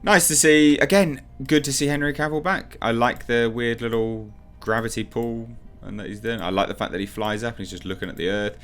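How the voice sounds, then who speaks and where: A man's voice: mid-range voice, a little fast, few pauses, a bit bright, soft background music. A man reviewing a movie trailer in casual reaction commentary, opinionated and rambling as he thinks aloud with frequent ums.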